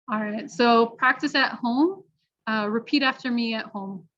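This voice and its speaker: A woman teaching pronunciation, modeling words slowly and repeating each one clearly. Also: on the high side, fairly bright tone. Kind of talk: slow, clear pronunciation lesson. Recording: dull lo-fi online class audio.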